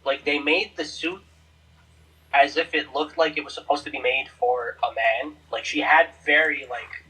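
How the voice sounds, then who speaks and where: A man's voice: on the high side, steady tone, normal speed, bright, forceful tone, breathy edge, far from the mic, rough recording. A man co-hosting a podcast, rambling casually through comic-book lore with plenty of swearing. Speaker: podcast co-host. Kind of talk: casual chat.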